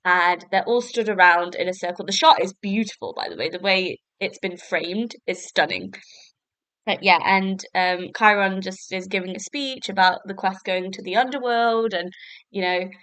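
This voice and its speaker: Medium-pitched and fairly bright, a woman's clean voice comes across at a moderate pace with no room sound. She's a chatty podcast host rambling through a solo review, leaning on fillers like "so basically" and "like."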